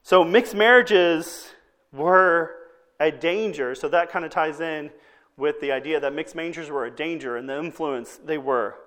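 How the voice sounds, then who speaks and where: Man, pastor, sermon, conversational, slightly high voice, checks in with listeners. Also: unhurried, a bit bright. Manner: conversational preaching with frequent "okay?" check-ins.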